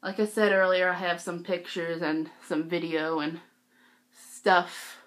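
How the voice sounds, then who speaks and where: Teen girl vlogger, bright voice, unhurried, giggly and gushing. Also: lowish voice. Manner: giggly, excitable, peppered with "like". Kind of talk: casual storytelling vlog.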